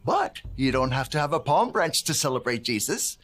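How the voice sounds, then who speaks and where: A man's voice: mid-range voice, big pitch swings, normal speed, a bit bright. A man playing Luis the Handyman, a bouncy, cheerful handyman. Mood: upbeat. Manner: bouncy, exclamatory, sprinkles in Spanish words. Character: cheerful male handyman, friendly and upbeat. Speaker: children's church presenter. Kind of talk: scripted kids' Bible lesson.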